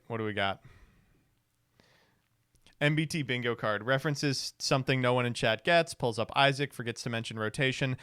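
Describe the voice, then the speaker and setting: A man's voice: medium pitch, fairly bright tone, clear, resonant tone, no echo. A man streaming, reacting to videos and reading viewer comments aloud with dry asides.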